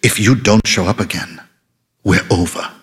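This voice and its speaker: Guy voicing a hoarse hurt girlfriend on the phone, low soft husky voice, lots of reverb. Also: moderate pace. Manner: accusing, pleading. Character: hurt, suspicious woman lover on phone.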